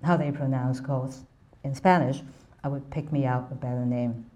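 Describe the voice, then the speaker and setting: A woman's voice: very deep voice, fairly even intonation, moderate pace, dark tone. A woman reading aloud the lines of a jovial male Russian general from a novel. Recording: roomy echo.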